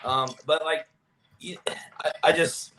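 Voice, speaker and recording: A man's voice: on the high side, fairly even intonation, takes it slowly, fairly bright tone, slight background noise. A man weighing in as a guest on a casual panel, rambling with lots of "you know" and "like". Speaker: guest analyst.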